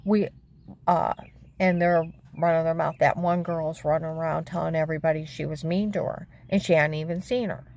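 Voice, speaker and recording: An older woman with a gravelly voice tells a rambling, aggrieved story in a chatty tone. She keeps circling back and voicing what others said. Faint noise sits under the recording. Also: low voice, fairly even intonation, moderate pace, darkish tone. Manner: chatty, aggrieved, repeats herself, acts out quotes.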